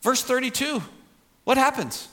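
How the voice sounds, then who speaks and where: Man, preacher, sermon, high pitch, very expressive intonation. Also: measured pace. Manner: animated, conversational preaching with quoted asides. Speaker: pastor.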